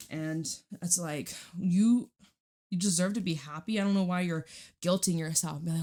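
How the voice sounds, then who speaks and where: A woman's voice: fairly low pitch, normal speed, warm tone. A woman giving a casual tarot reading to camera, chatty and reassuring, swearing casually and jumping between thoughts. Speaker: tarot reader.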